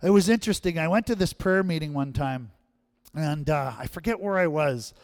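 A male pastor with a slightly high, slightly mellow voice speaks expressively at a moderate pace, recorded cleanly in a dry studio. His sermon is conversational, and he keeps asking the audience "right?"

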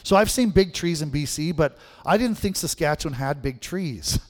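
A man's voice: fairly high pitch, animated, normal speed. A middle-aged Canadian man from Manitoba preaching a sermon, telling stories and asking the crowd questions with a frequent "right?". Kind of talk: sermon with storytelling. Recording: long reverb in a hall.

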